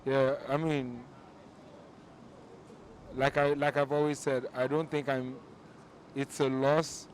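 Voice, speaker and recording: A man answering an interview question at a tribute, halting and reflective with many restarts. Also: medium pitch, little pitch movement, a little hiss or hum, rough recording. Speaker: tribute guest.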